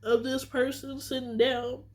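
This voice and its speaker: A woman's voice: sits high, flat delivery, a little slow, darkish tone. Teary, earnest woman vlogger. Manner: earnest, emotional, repeats herself for emphasis. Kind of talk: casual vlog monologue.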